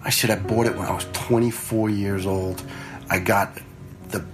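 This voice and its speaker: Retired fire lieutenant in his fifties, low-pitched, blunt storyteller, faint music behind. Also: steady tone, moderate pace, poor audio. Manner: blunt and conversational, with swearing. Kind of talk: casual storytelling.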